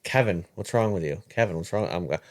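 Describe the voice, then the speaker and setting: A man with a low-pitched voice talks casually on a podcast. He tells his story in halting bursts, stumbling and restarting as he goes. It sounds like a relaxed conversation around a table. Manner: halting, restarts and repeats words.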